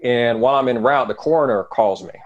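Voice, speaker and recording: A middle-aged man, a guest in an interview, telling a personal story in an earnest way that often sinks to a quiet low voice. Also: brisk, muffled recording.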